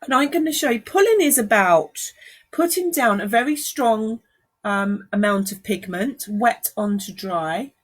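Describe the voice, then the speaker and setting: London lady doing a live watercolour class, kinda husky, higher voice, chatty and encouraging. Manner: chatty, encouraging, greets viewers while painting. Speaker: watercolour art teacher. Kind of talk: live-streamed painting demonstration. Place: art studio.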